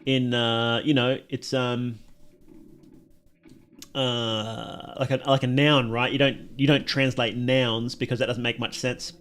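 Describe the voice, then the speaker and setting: A man's voice: medium pitch, flat delivery, slow pace, a bit bright. A young man with an Australian accent, chatting casually with his live stream chat and laughing often.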